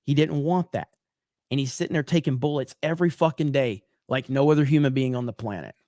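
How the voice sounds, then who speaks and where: A man's voice: mid-range voice, dark tone, dry recording, clean studio sound. A man hosting a political commentary stream, talking in a heated, profane way. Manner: heated, profane, rapid back-and-forth.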